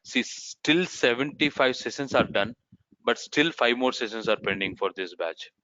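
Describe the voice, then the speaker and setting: A man instructor leads an online class, answering questions and sprinkling sir and ma'am through his sentences. His tone is bright and forceful. The call audio sounds dry and dull. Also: mid-range voice, lively intonation, normal speed, dry recording. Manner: addresses students as sir and ma'am constantly. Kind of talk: live class Q&A. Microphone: video call. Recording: muffled online meeting audio.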